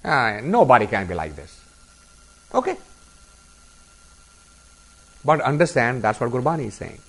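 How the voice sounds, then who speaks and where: A middle-aged man delivering a spiritual discourse to a live group. His pitch moves through a wide, lively range. He keeps asking rhetorical questions and slipping into short acted dialogues. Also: a little slow. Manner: animated, acts out little dialogues and asks rhetorical questions. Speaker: spiritual teacher.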